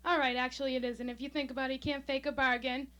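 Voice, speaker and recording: A young woman doing a stand-up comedy set on a club stage, bubbly and excitable, tumbling over her words. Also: high-pitched, racing. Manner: bubbly, excitable, breathless delivery. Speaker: stand-up comic. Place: small comedy club stage, audience laughing.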